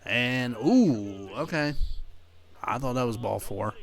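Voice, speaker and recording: A man talking his way through a video game at a middle pitch, murmuring play-by-play to himself between pitches. Now and then he grumbles in mild frustration. It sounds like relaxed commentary recorded over his own gameplay. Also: slow pace. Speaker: gaming video creator.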